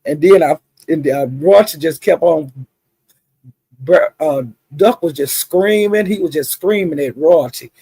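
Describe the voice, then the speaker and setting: Woman, livestream host, gossip storytelling, husky, gravelly, chatty asides, dry close sound. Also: low-pitched, unhurried, dry recording. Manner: chatty, animated retelling with frequent asides and cussing.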